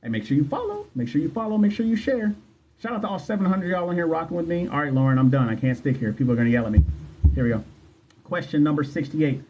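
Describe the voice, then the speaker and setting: A man's voice: on the high side, big pitch swings, fast talker, dark tone, highs cut off, a little hiss or hum. A man hosting a casual livestream as a nursing exam coach, reading viewer comments aloud in a chatty, loose way and repeating himself. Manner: chatty, loose, repeats phrases, slangy asides.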